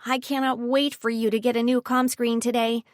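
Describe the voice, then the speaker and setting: A woman's voice: on the high side, flat delivery, moderate pace, dry recording, studio quality, voice pushed up, close to an everyday voice. A woman doing a bubbly teenage best friend. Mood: chatty.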